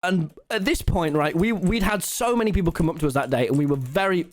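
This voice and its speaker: A young man telling a story on a live stream, animated, swearing often and laughing. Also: a little high, a little fast, no echo.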